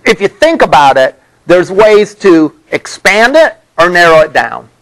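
Chatty male instructor, fairly high voice. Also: sing-song, measured pace, a bit bright, poor audio. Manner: conversational, digressive, many fillers. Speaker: college instructor. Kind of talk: classroom lecture. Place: classroom. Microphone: microphone worn by the lecturer.

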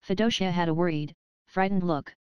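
A woman narrating an audiobook in a measured, even storytelling manner, close to the mic. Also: lowish voice, clear, resonant tone, dry recording, muffled recording. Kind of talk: scripted narration.

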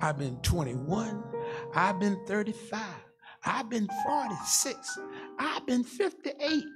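A man's voice: sits high, animated, slow pace. Man in his sixties, pastor, rhythmic sermon, call-and-response, folksy repetition, faint music underneath. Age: 60s.

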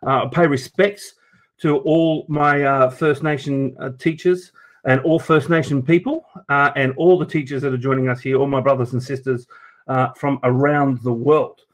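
A man's voice: mid-range voice, steady tone, moderate pace. An Australian man from Sydney giving an informal conference talk to teachers over a video call, chatty and jokey, with many fillers and restarts. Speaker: teacher presenting at an education event. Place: at his desk, presenting over a video call.

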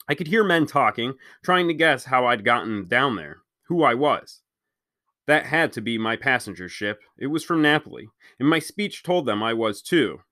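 A man reads a chapter book aloud in a steady, plain manner, now and then going back to fix a slip. His voice sits in a middle pitch range. The sound is dry and close, with no room echo. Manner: steady reading, stops to fix his own slips. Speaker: children's book reader. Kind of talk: read-aloud storytelling.

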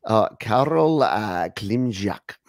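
A man with a low, gravelly voice co-hosts a casual livestream, teasing his partner playfully. His pitch swings widely as he jokes around, and the sound is dry and close. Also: animated, no room sound. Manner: playful, teasing, reads names haltingly. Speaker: co-host.

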